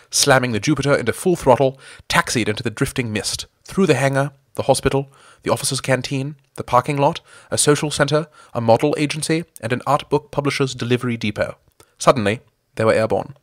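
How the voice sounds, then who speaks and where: A man narrating a comic adventure story in a wry, deadpan storybook manner. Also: mid-range voice, fairly quick, hardly any pauses, no echo, studio quality.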